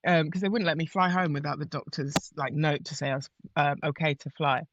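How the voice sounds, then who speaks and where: A woman guest on a podcast, telling a personal story in a casual, animated way and acting out what others said. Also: low-pitched, a little fast, dull audio, noisy background.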